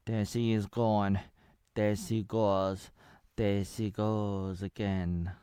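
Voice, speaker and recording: A man's voice: on the low side, little pitch movement, extremely slow, warm tone, clean tone, no room sound, studio quality. A man in his thirties from Oregon in the USA, giving a rambling spoiler review of a TV series and drifting between retelling scenes, jokes and murmured asides. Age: 30s. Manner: breaks into half-sung snippets and murmured asides.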